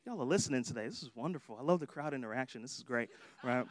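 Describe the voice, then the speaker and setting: A man's voice: medium pitch, very fast. A man preaching a sermon in a conversational, playful way, often checking in with "right?".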